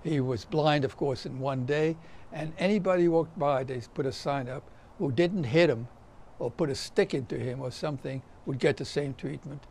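A man's voice: medium pitch, normal speed, creaky, darkish tone, slight background noise. An older man giving a survivor testimony, recounting his memories as a vivid storyteller who acts out the voices of the people he quotes.

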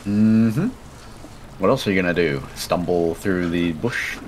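A man's voice: low voice, measured pace, darkish tone, slight background noise. A young man co-hosting a game stream, chatting casually with dry jokes. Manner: dry, joking. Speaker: co-host watching the stream. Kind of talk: casual chat.

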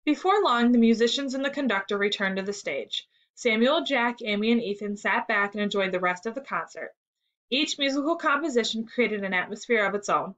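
A woman teacher reading a story aloud for an elementary school lesson, steady and clear. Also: fairly high pitch, fairly quick, dull audio.

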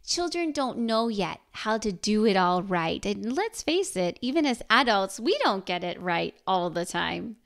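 A middle-aged woman hosting a parenting podcast, speaking in a gentle, encouraging manner. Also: mid-range voice, gravelly. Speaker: podcast host. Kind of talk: scripted podcast talk to mothers.

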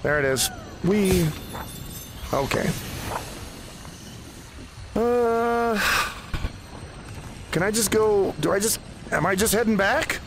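A man's voice: high-pitched, slow pace, long pauses, background noise. A man playing a VR game, chatting animatedly, swearing and talking to the characters. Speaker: gaming host. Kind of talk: VR game let's play commentary. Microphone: VR headset.

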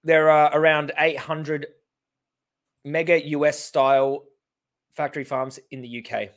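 A man in his thirties with an Australian accent, reacting to his own TV debate with animated, sarcastic commentary. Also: a little high, unhurried. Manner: animated, sarcastic, laughing in disbelief.

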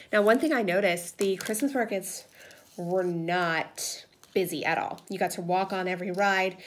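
A woman's voice: medium pitch, slight background noise. A woman in her thirties chatting casually with lots of fillers as she tells stories during a crafting vlog at home. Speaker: crafting vlogger. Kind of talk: casual chat while crafting. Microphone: camera propped on a table.

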